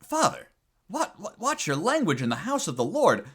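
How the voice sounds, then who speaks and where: A man's voice: a little high, sing-song, brisk, a bit bright. A man voicing a prim, easily offended elderly nun in a joke he tells. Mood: scandalized.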